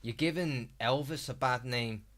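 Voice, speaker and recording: A man's voice: medium pitch, unhurried, a bit bright. A man live-streaming, reacting to a video with exasperated, sweary ranting.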